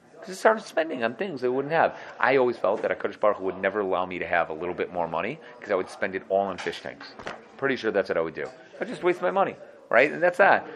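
A man teaching a casual Torah lesson at a quick clip. His voice sits on the low side, and he acts out his students' excuses in different voices and laughs at his own jokes. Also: fairly bright tone. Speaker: yeshiva teacher.

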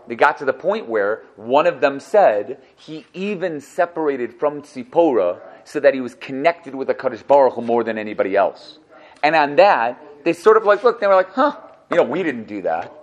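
A man giving a casual Torah class, animated and joking, who acts out little dialogues as he explains. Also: a little high, moderate pace, highs cut off. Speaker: Torah teacher.

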